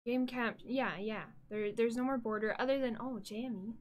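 Woman, streamer, fairly high voice, bubbly, easily distracted, casual live-stream chat, home room. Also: steady tone, normal speed. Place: home room with green screen.

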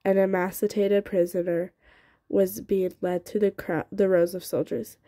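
Lady reading a novel out loud, mellow soft voice, steady and expressive, dry close sound. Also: medium pitch, a little slow, dry recording. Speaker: audiobook reader.

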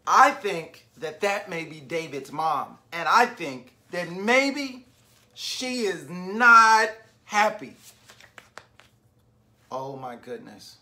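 A woman's voice: fairly low pitch, lively intonation, very slow, bright, forceful tone. A woman reading a picture book aloud to young children, stopping often to ask them questions and invite them to join in. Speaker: children's story reader.

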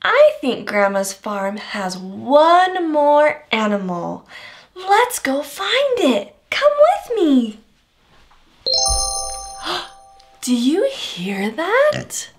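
A young adult woman teaching toddlers in an exaggerated sing-song way, with big gasps and drawn-out words. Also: high-pitched, wildly swooping pitch, soft background music. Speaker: children's speech educator.

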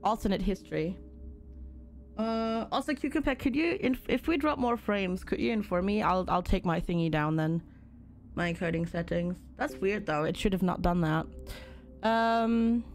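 A woman's voice: mid-range voice, normal speed, soft background music. A woman casually commenting on a game during a live stream, reading on-screen tutorial text aloud and chatting with and thanking viewers.

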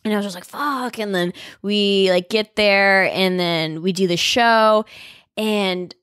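A young woman from California telling a story as a podcast guest, animated, full of "like" fillers and casual swearing. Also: mid-range voice, unhurried, smooth, dry recording, clean studio sound. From Visalia, California. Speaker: podcast guest, actor and comedian.

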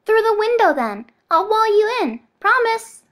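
A woman's voice: very high voice, sing-song, measured pace, fairly bright tone, voice pushed up, full character voice. A woman voicing a sweet but menacing young girl surgeon, coaxing in a sing-song way.

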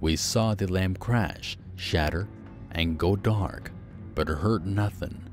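A man narrating a first-person horror story, slow, hushed and suspenseful. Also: sits low, over music.

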